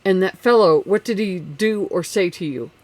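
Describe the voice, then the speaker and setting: A reader voicing a jumpy, excitable schemer. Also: mid-range voice, moderate pace, no echo, close to an everyday voice. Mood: alarmed. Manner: excited, anxious questioning. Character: nervous, excitable scheming young man. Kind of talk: audiobook character reading.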